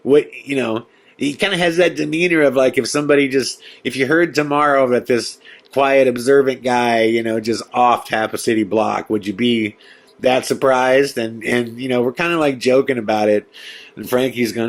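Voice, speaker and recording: A male podcast host retelling a spooky personal story in a casual, animated way, acting out his own and his friends' lines, with lots of fillers. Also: medium pitch, normal speed. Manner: animated retelling with quoted dialogue, many fillers.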